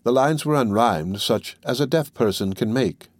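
Male narrator, even storytelling read, mid pitch, dry close recording. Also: no echo. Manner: measured, steady storytelling. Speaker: audiobook narrator. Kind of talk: scripted narration.

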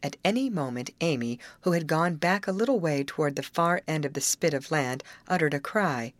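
A woman narrates a storybook in a lower, measured voice. Her pitch moves about with lively expression. The recording is close and completely dry. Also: dry recording. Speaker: audiobook reader. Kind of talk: scripted narration.

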